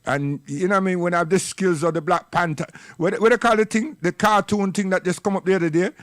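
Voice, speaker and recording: A man's voice: high voice, fast, no echo, clean studio sound. A man giving a rambling, scolding, impassioned livestream monologue. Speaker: livestream commentator.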